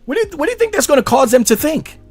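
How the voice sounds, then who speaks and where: Man, high voice, dry close sound, sarcastic reaction commentary, animated. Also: rapid-fire, dry recording, faint music behind. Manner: animated, mocking, sarcastic asides. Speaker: commentary channel host. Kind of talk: reaction commentary on a debate clip.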